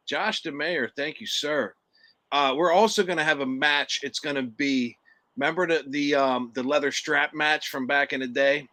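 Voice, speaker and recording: A man's voice: on the high side, normal speed, sharp tone, no room sound. A man hosting a casual podcast, upbeat, reading out and thanking viewers' comments. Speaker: podcast host reading live chat. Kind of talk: casual chat.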